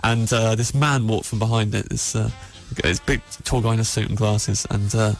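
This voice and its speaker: A man's voice: lowish voice, steady tone, soft background music. A young man with an English Midlands accent, telling a rambling comic story on the radio, full of fillers and restarts. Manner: rambling, halting storytelling with frequent fillers and self-interrupting restarts. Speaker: comedian guest telling a story. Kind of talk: radio comedy anecdote.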